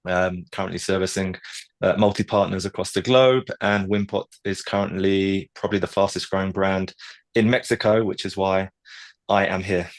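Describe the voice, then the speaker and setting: A man with a croaky early-morning voice, speaking as a panelist on an online panel in a relaxed, joking way. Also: low-pitched, normal speed. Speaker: panelist, company CEO. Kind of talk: panel discussion. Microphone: video call.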